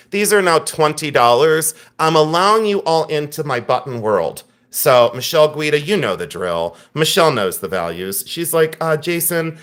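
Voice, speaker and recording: A man's voice: a little high, fairly bright tone. A man hosting a live-stream jewelry sale, chatty and openly frustrated, thanking viewers by name. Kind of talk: live-stream selling chat.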